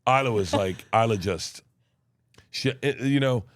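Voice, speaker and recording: A comedian talking as a guest in a casual chat, telling stories in a rambling way with many restarts. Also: male voice, mid-range voice, a little slow, no room sound, clean studio sound. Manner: rambling storyteller, restarts often.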